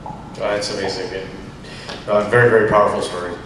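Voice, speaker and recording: A man's voice: fairly low pitch, flat delivery, brisk, a bit bright. A man hosting a radio interview, asking questions hesitantly with lots of fillers. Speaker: radio host. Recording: echoey room, far from mic, hiss.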